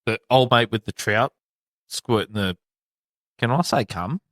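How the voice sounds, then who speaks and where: An Australian man on a podcast, dropping dry deadpan quips into crude banter. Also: mid-range voice, unhurried, dry recording.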